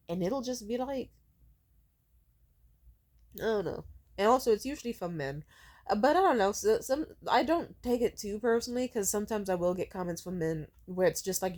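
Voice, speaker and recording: A woman's voice: mid-range voice, moderate pace. A young woman ranting casually to camera, sarcastic and full of fillers, mocking the comments she quotes. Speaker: video creator.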